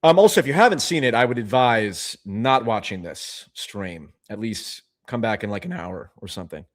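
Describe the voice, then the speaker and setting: A man's voice: lowish voice, animated, moderate pace. A man hosting a livestream in casual chat, rambling and often cutting himself off mid-sentence. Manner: rambling, self-interrupting, chatty. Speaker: livestream host.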